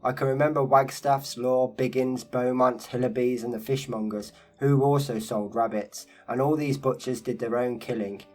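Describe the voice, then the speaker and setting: A man giving a measured, unhurried narration of a first-person life story. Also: medium pitch, steady tone, soft background music, poor audio. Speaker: narrator reading a first-person memoir interview. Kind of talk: scripted narration.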